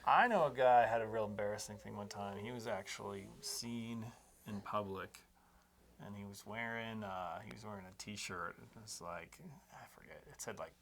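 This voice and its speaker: A man co-hosting a parenting podcast, telling humorous stories in a rambling way that trails off quietly, recorded in a studio. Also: fairly low pitch, normal speed. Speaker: podcast co-host. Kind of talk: casual chat. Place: studio in Colorado.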